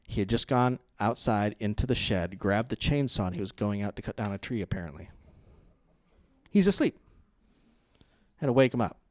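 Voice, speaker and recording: A young adult man pastor preaching a sermon in a conversational, storytelling way, laughing often and growing loud and animated in his stories. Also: on the low side, normal speed, long pauses, no echo. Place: church.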